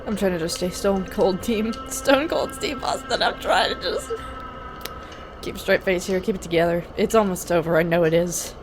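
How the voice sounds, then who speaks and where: A woman's voice: on the low side, normal speed. A young woman reacting to a horror film for the first time, anxious and jumpy, gasping and muttering. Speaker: movie reaction host. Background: film soundtrack music.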